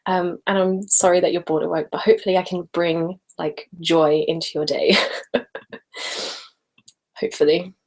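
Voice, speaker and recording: A woman's voice: on the low side, steady tone, normal speed, long pauses, darkish tone, low-quality recording. A young woman chats casually on a live webcam stream from a room at home. She speaks in her ordinary voice, not a whisper, and fills her talk with ums, likes and little laughs as she reads comments. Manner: chatty, giggly, many ums and likes. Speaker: ASMR channel host in live hangout.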